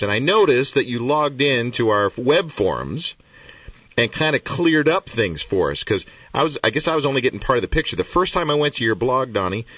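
A chatty, self-deprecating male radio host with a lowish voice. He sits a little back from the mic, and the sound is dull and dry. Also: fairly bright tone, dry recording, distant mic. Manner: chatty, self-deprecating, talks in quick bursts. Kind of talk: casual radio interview.

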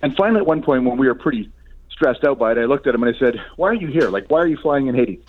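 A man, a guest on a radio show, telling stories in quick, animated casual chat. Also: mid-range voice, phone-quality sound.

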